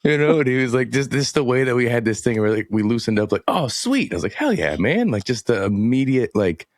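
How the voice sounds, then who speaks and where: A man's voice: medium pitch, fast talker, darkish tone, dry recording. A man hosting a podcast, talking casually in a laid-back, slangy way. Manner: laid-back slangy, says dude a lot. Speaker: podcast host. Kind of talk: casual chat.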